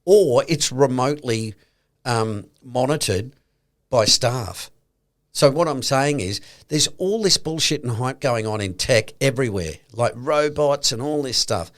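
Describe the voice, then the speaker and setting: A man's voice: mid-range voice, animated, unhurried. A man with an Australian accent co-hosting a casual podcast chat about investing, explaining his points by acting out made-up conversations. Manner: explains points through acted-out hypothetical conversations. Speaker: podcast co-host.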